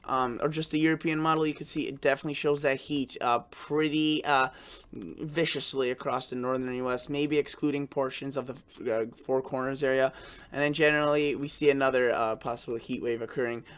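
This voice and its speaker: A man's voice: mid-range voice, steady tone, fairly bright tone, clear, resonant tone. A man hosting his own weather channel, talking unscripted through forecast maps with plenty of fillers and restarts. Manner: halting, many fillers and restarts.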